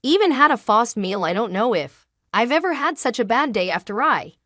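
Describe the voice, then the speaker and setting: A woman telling a first-person family drama story in an emotional way, sometimes halting and repeating herself. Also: on the high side, sing-song, sharp tone, no echo, studio quality. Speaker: narrator.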